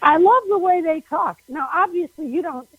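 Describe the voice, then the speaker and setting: A woman comedian guesting on an interview over the phone, talking animatedly with frequent laughs and big pitch jumps. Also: moderate pace, no echo, narrow, tinny audio.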